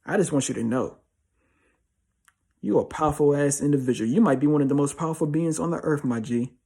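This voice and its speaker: Young male motivational speaker, husky voice, street slang, hammers points with repetition. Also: fairly high pitch, fairly quick, a little mellow. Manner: slangy, emphatic, repeats himself. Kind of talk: motivational monologue.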